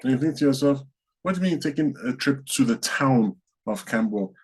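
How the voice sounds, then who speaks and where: Man from the UK, podcast co-host, husky voice, rambling asides, deadpan dark jokes. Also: mid-range voice, a little fast, low-quality recording. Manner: dry, rambling, darkly joking. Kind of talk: casual podcast chat.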